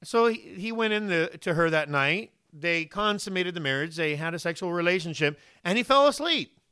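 A man preaching a sermon in an animated way, often putting questions to his listeners and briefly voicing the people in the story. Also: sits high, moderate pace, clear, resonant tone, no echo, studio quality. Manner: animated, asks the listeners questions, voices the figures.

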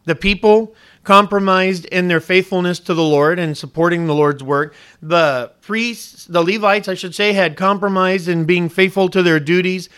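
A man with a high, bright voice preaches a sermon. He asks his listeners direct questions and presses on key words as he makes his points. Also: moderate pace, few pauses, clear, resonant tone. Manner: preaching with rising emphasis and direct questions to the congregation. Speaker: pastor.

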